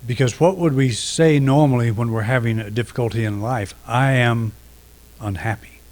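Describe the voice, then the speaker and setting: A middle-aged man giving a reflective sermon, unhurried, pausing often and restarting phrases. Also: mid-range voice, fairly even intonation, darkish tone. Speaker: minister.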